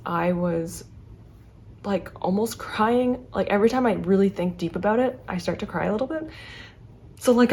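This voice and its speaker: A young adult woman chatting casually to camera as a book vlogger, talking fast and chattily with many fillers and restarts. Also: mid-range voice, a little mellow.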